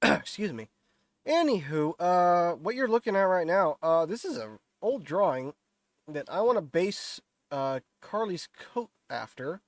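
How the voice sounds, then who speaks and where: A man's voice: high-pitched, very animated, measured pace, no echo, studio quality. Stuffy-nosed man rambling on stream. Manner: rambling, self-deprecating, lots of fillers and restarts. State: nasal, stuffy voice from a cold. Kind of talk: casual live-stream commentary while 3D modeling.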